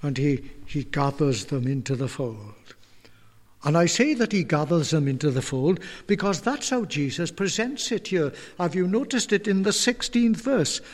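Earnest high-voiced preacher in a reverberant hall. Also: male voice, animated, normal speed. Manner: earnest, repeats words while building a point. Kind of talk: sermon.

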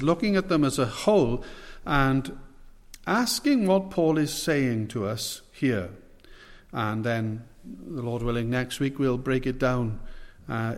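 Guy giving a sermon, slow emphatic delivery with pauses, church hall reverb. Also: mid-range voice. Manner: measured, emphatic delivery with frequent pauses and fillers. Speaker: preacher.

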